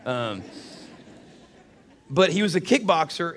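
Fast-talking, animated man preaching. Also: fairly high pitch, a little hiss or hum. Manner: animated, jokey storyteller who addresses the congregation. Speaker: pastor. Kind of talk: sermon with comic storytelling.

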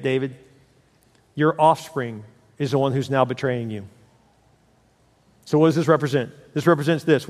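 A man preaching a sermon in a church, with a fairly high voice that carries a long hall reverb. He tells the story in an animated way, acting out the voices of its people and often restarting his sentences. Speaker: pastor.

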